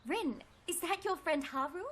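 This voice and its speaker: A warm, doting Australian host mother in a dubbed anime, with an Australian accent. She speaks in a gushing, motherly way, and her voice sits quite high. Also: moderate pace.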